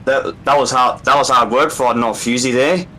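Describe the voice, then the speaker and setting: Man, racing driver, post-race interview, worn out, casual, bright forceful voice. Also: medium pitch, moderate pace, poor audio. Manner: relaxed, laughing, casual. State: sweaty and worn out.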